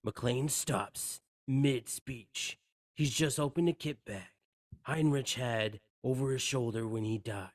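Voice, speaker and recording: A man's voice: mid-range voice, takes it slowly, dry recording, studio quality. A man co-hosting a podcast, reading screenplay action lines aloud and stumbling over words. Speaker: podcast co-host.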